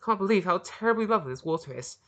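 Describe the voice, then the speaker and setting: A reader voicing a spirited, sarcastic high-born young British lady with a shrill voice, in an audiobook of their own story. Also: expressive, racing, a bit bright, lo-fi sound. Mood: teasing. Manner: playful, sarcastic.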